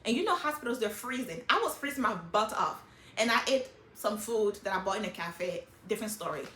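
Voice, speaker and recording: A middle-aged woman talking casually and emotionally about her life, in an animated, hyper way. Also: mid-range voice, a little fast, reverberant, slight background noise. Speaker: vlogger sharing life lessons. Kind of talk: casual personal talk.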